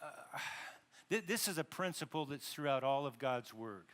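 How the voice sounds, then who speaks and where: A male pastor preaches a sermon conversationally, with asides and self-corrections, dramatizing quotes with rising emphasis. His mid-range voice is expressive and fairly bright, at a normal speed.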